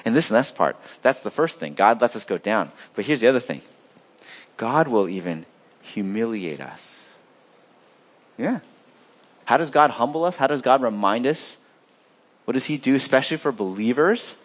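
Animated male pastor preaching. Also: moderate pace, long pauses. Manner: animated preaching, swings between loud emphasis and quiet low asides. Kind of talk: sermon.

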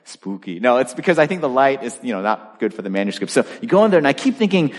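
A man preaching a sermon in a conversational style, full of asides and lively storytelling. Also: mid-range voice, quick pace, long reverb tail. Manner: animated, conversational, lots of asides. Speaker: pastor.

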